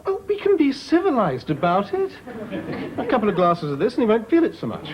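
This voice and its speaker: A man's voice: high voice, wildly swooping pitch, a little fast, a crowd in the background. A blustering, self-important middle-aged office manager, his voice swinging up and down as he puffs himself up. It is a dull-sounding broadcast recording with studio audience laughter behind. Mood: pompous. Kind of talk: 1990s studio sitcom acting.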